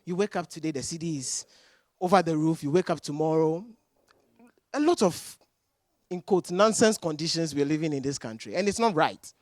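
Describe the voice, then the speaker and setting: A young woman makes her case on a panel, exasperated and emphatic. Her pitch leaps and dips all over the place. The sound is dry, with no room around it. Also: lively intonation, moderate pace, a little mellow, no echo. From Ghana. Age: young adult. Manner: emphatic, exasperated, rhetorical questions. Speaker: panel guest. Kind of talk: heated panel debate.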